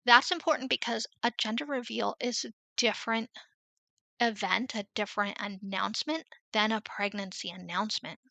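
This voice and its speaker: Woman, 30s, tutorial host; slightly high, bright, chatty and explanatory. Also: fairly even intonation, creaky, no echo. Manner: chatty, explanatory, drawn-out emphasis. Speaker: Etsy selling coach. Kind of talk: screen-share tutorial.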